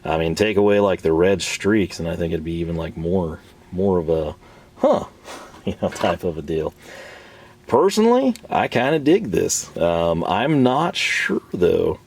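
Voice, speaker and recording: A man with a Texan accent, hoarse from losing his voice, chatting casually and rambling through a hands-on tool review. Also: low voice, sing-song, measured pace, darkish tone. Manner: rambling, chatty, laughs often. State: hoarse, recovering from lost voice.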